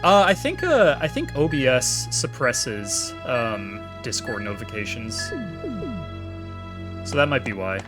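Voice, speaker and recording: A man's voice: mid-range voice, unhurried, music in the background. A man in his thirties chatting casually and jokily with his chat while livestreaming a game. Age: 30s. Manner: animated, jokey, talks to chat while playing. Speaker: streamer.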